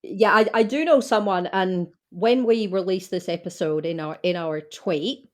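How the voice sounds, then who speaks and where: A woman hosting a podcast, talking in dry, wry casual chat. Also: fairly low pitch. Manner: dry, wry, quick to agree. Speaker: podcast host.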